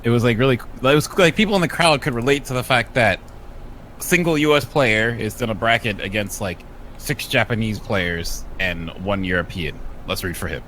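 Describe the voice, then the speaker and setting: A man on a casual podcast, recapping in a relaxed, rambling way. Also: mid-range voice, normal speed, slight background noise. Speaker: podcast co-host.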